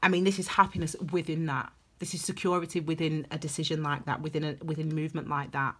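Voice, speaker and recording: A woman's voice: low-pitched, little pitch movement, fast, few pauses, a bit bright, breathy edge. A woman giving a chatty, gushing tarot reading to her viewers, calling them her darlings. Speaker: tarot reader. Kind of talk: casual tarot reading to camera.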